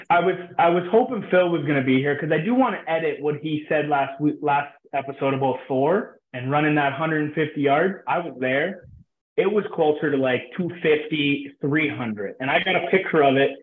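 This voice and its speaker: A man joins a podcast as a guest and tells stories, laughing as he goes. His voice sits a little above the usual pitch for a man. It comes through a thin, phone-like line. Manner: laughs while telling stories. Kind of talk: casual chat.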